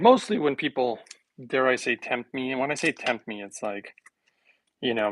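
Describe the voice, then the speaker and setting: A man's voice: medium pitch, fairly bright tone, slight background noise, low-quality recording. A man hosting a live health podcast, telling stories in a chatty way and quoting other people between laughs. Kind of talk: casual live podcast monologue.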